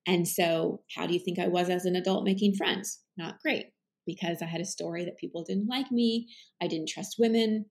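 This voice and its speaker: A woman's voice: on the low side, steady tone, moderate pace, gravelly. A woman coach being interviewed on a podcast, explaining her ideas earnestly, with many fillers and restarts. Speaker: life coach, podcast guest. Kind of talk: conversational interview.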